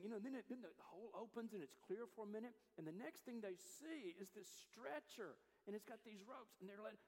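High-voiced preacher in a reverberant hall. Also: male voice, fairly quick, few pauses. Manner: animated storytelling, acting out voices. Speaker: pastor. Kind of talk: sermon.

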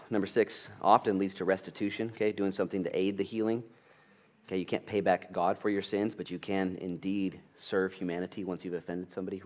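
A middle-aged man preaching a sermon as pastor, telling stories and acting out family conversations. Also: low-pitched. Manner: animated storytelling, acting out family dialogue.

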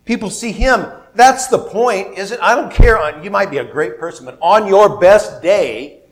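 A male pastor preaching a sermon in a conversational, animated way, acting out biblical figures and asking the congregation questions. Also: high-pitched, normal speed. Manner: conversational, asks the audience questions.

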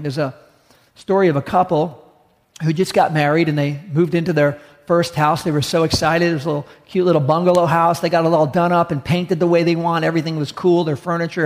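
Male pastor, gravelly, slightly high voice, mid-sermon storytelling, long hall reverb. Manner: storytelling, acts out dialogue, slows for emphasis.

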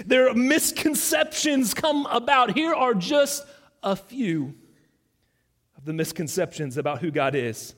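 A man preaching as pastor, earnest and halting, with many fillers and restarts. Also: very high voice, fairly bright tone. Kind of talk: sermon. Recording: long reverb in a large hall.

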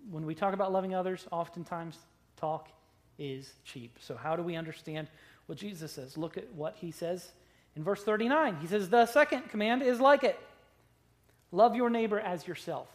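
Emphatic preacher with lively dynamics. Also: male voice, sits high. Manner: emphatic, swings between loud stressed words and quiet asides; conversational with rhetorical questions. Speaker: pastor. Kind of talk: sermon.

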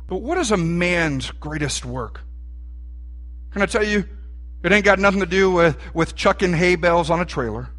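A man delivers a sermon in a folksy, lively way, asking his listeners questions as he goes. His voice sits high for a man and sounds bright. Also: moderate pace, soft background music. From Texas. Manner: folksy and animated, asks the room questions. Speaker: preacher.

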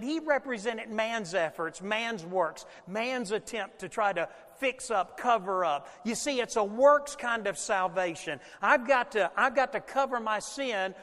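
Male pastor, high voice, lively folksy sermon delivery, long hall reverb. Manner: animated preaching with folksy asides.

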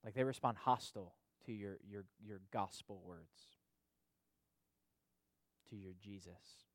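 This man has a lowish voice and an unhurried pace, recorded with no echo. Likely a pastor or youth leader, he preaches conversationally, frequently asking "right?" and repeating points to drive them home.

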